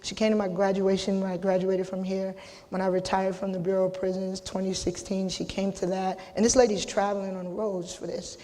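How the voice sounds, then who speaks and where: Middle-aged woman, emotional inductee, choked-up, casual, restarts often, monotone, long reverb. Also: medium pitch. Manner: halting, repeats herself, casual slang. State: holding back tears. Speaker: hall of fame inductee. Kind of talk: emotional acceptance speech.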